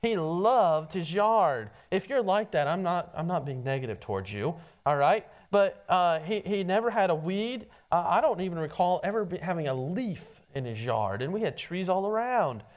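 A preacher delivering a casual, conversational sermon from the pulpit. The voice sits in a middle pitch and speaks directly to the congregation as "friend", often stumbling and doubling words as the thoughts come. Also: expressive, normal speed, few pauses. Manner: addresses listeners as friend, frequent stammered restarts.

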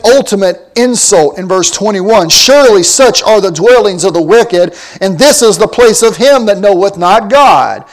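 A man preaching a sermon, reading scripture aloud and explaining it emphatically, with rhetorical questions to his listeners. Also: high voice. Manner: reads scripture aloud in old-fashioned wording, then explains in plain talk.

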